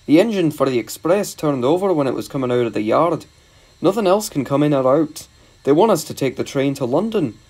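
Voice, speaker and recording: A man doing an excited adult engine driver from a storybook, explaining the news. The voice is close to the reader's own, only slightly raised. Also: a little high, brisk, slightly rough.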